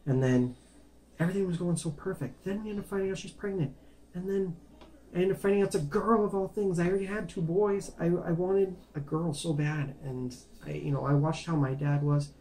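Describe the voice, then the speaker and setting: A man's voice: sits high, fairly quick, mellow, a little hiss or hum. Man rambling through a personal story. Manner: rambling, repeats words, apologizes for veering off. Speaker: vlogger sharing his life story.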